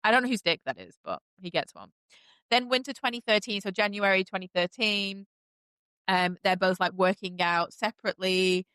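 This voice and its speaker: A woman's voice: medium pitch, animated, moderate pace, fairly bright tone, clear, resonant tone, dry recording. A woman hosting a podcast, recapping a TV show in casual, enthusiastic chat with lots of fillers. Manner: chatty and enthusiastic, many fillers. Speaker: podcast host.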